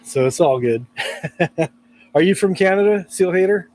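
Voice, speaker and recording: A man from California, hoarse from allergies, chatting casually and laughing often on a live stream. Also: high voice, lively intonation, moderate pace, darkish tone.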